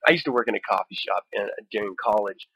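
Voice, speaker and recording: A man's voice: on the low side, fast talker, sharp tone, slightly rough, dry recording, low-quality recording. Casual man hosting a podcast monologue. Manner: conversational, with wry profane asides; reads book passages aloud. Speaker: podcast host.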